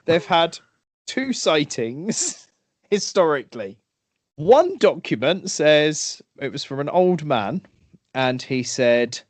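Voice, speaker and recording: This British podcast co-host has a medium-pitched voice and no room sound. In a casual chat he recounts folklore, chatty and poking fun at himself.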